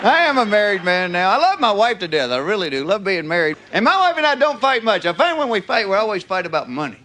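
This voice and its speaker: A man's voice: high voice, sing-song, fast, bright, forceful tone, some chatter behind. A man with a Southern American accent doing a stand-up comedy routine, telling drawling stories on a stage before a live audience. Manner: drawling storyteller, slips into character voices. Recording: live show with audience noise.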